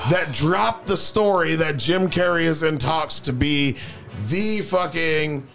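A man's voice: fairly high pitch, a bit bright, faint music behind. A man co-hosting a casual podcast, swearing freely and joking through the news. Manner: profane, slow and drawling, jokey. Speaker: podcast co-host. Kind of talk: casual chat.

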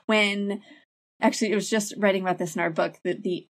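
A woman in her thirties, an early childhood educator, speaking candidly as an interview guest and telling lively stories with many "like" fillers. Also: mid-range voice, fairly quick. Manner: candid, animated storyteller who uses many "like" fillers. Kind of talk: casual interview talk.

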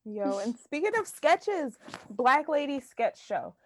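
A young woman co-hosting a podcast in casual chat, animated, laughing often and swearing freely. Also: high voice, slow, no room sound. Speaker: podcast co-host.

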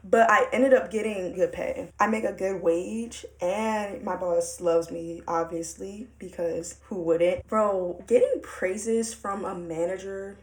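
A young woman hosts her own podcast alone, catching listeners up in a loose, candid way. Her voice sits in a middle pitch, and she drops slangy asides as she goes. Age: young adult. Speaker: podcast host. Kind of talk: casual solo podcast monologue.

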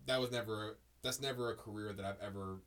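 A man hosting a podcast in casual chat, talking haltingly with lots of fillers and restarts. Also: on the low side, steady tone, fairly bright tone. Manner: halting, heavy on fillers and restarts, laughs easily. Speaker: podcast host.

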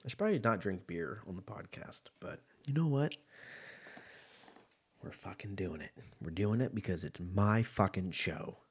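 Low-voiced man rambling on his podcast. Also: animated, normal speed, slight background noise. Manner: rambling, profane, laughs at his own jokes. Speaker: podcast host. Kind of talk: casual solo podcast chat.

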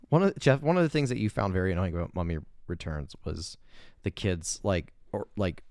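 A man chatting casually in a movie review podcast, rambling with lots of filler words and animated bursts. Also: deep voice, moderate pace, no room sound, clean studio sound. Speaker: podcast co-host.

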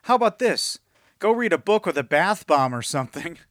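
A man co-hosting a casual podcast, reading reviews aloud in a teasing, mocking way. His voice sits a little high, and the sound is dry and close, with no room in it. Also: sing-song, moderate pace, fairly bright tone, no room sound. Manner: mocking, breaks into laughter mid-read. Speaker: podcast co-host.

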